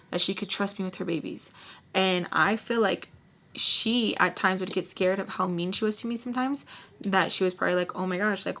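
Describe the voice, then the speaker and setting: A young woman vlogging a casual storytime while doing her makeup, full of likes and quick restarts. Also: mid-range voice, creaky, a bit bright. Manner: chatty, many likes and restarts; voices others in quoted bursts.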